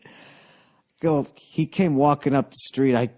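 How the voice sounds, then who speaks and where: A middle-aged man with a Boston accent hosting a podcast, telling a comic story in a profane, animated way that swings between loud bursts and low mutters. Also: a little slow. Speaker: podcast host.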